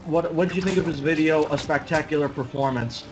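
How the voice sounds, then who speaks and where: A man chatting casually on a group call from outdoors on a porch, halting with many restarts. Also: a little high, lo-fi sound, music in the background. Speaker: podcast panelist.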